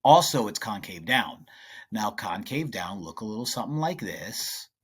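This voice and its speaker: A man's voice: lowish voice, very animated, normal speed, breathy edge. A man teaching math in a casual, chatty, playful way, talking through practice problems at a whiteboard.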